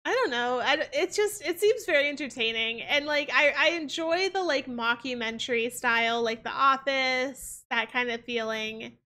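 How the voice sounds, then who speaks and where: This is a young woman's rambling, casual gaming-stream chatter, thick with fillers and false starts. Her voice is high and sharp-toned, and she speaks at a normal speed.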